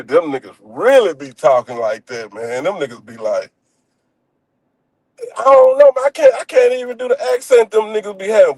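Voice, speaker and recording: A man's voice: on the high side, a little mellow, dry recording, poor audio. A young man, chatting and joking loosely, full of slang and fillers. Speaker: streamer. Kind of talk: casual storytelling chat.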